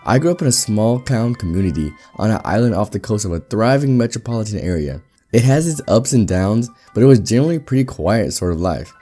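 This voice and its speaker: Low, mellow-voiced male storyteller. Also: sing-song, brisk, few pauses, faint music behind. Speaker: story narrator. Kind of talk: reading an online story aloud.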